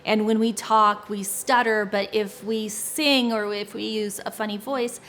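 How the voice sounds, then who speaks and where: A woman's voice: medium pitch, fairly even intonation, a little slow, a bit bright, slight background noise. A woman who is a stand-up comedian, talking in a documentary interview and stuttering with repeated sounds and blocks.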